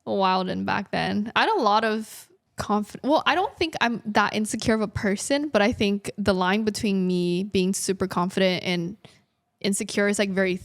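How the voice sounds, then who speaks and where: A woman's voice: mid-range voice, normal speed, no echo, studio quality. A woman in her twenties, a guest in a casual interview, talking in a chatty way with lots of laughs and fillers. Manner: chatty, laughing, frequent likes. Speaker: guest, artist and streamer.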